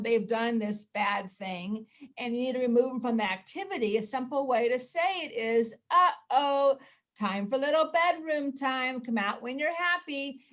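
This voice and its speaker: A woman parent educator explaining discipline steps to families in a calm way, with many ums and restarts. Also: a little high. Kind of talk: casual presentation.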